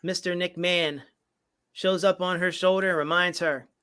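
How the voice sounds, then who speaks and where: A man's voice: sits high, steady tone, moderate pace, sharp tone, clean tone. Chatty man reading a comedy script. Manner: chatty, many fillers, reads lines in playful voices. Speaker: podcast co-host.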